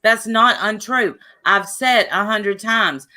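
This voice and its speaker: A woman's voice: mid-range voice, takes it slowly, sharp tone. A woman on a live stream chat, talking insistently and defending herself.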